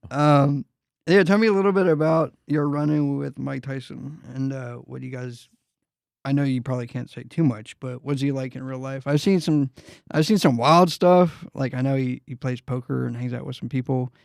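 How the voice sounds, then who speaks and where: Male podcast host, gravelly voice, loose joking chat, dry sound. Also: medium pitch, fairly even intonation, moderate pace, darkish tone, no echo. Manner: loose, joking, full of fillers. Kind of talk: casual interview chat.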